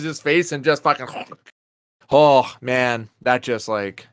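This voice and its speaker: A young man co-hosting a podcast, casual and animated, swearing often and acting out scenes. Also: mid-range voice, unhurried, no echo, studio quality. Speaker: podcast co-host. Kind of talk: casual chat.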